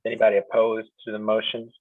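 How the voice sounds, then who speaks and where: A man's voice: lowish voice, completely flat delivery, quick pace. A man chairing a meeting who hesitates, with many fillers. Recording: distant tinny phone-like audio.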